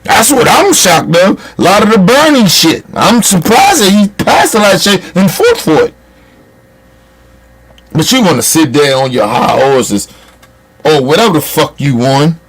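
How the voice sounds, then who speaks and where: A man with a fairly high voice holds forth in a fiery political monologue. He curses freely and scolds his audience with heated, blunt delivery. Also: very animated, a little slow, breathy edge. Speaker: commentator.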